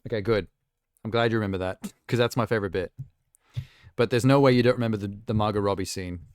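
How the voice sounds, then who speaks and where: A man's voice: fairly low pitch, quick pace, a little mellow, clean tone, no room sound, studio quality. A young man live streaming, chatting casually and rambling with self-amused asides while reacting to trailers.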